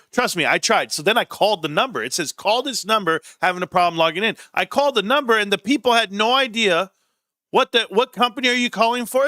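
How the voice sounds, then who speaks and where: A man from California ranting casually on a livestream, animated and sarcastic, with frequent swearing. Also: sits high, dry recording, clean studio sound. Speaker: stock market streamer.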